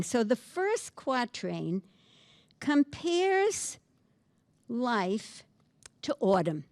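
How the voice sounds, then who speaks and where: A woman giving a poetry lecture, reading verse slowly and with emphasis, then asking her listeners questions. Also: fairly high pitch, big pitch swings, darkish tone, dry recording.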